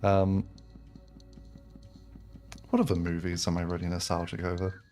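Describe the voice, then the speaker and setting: A man's voice: sits low, little pitch movement, measured pace, darkish tone, faint music behind. A man with an English accent chatting casually with his live-stream audience while playing, rambling with lots of fillers and restarts. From England. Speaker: game streamer.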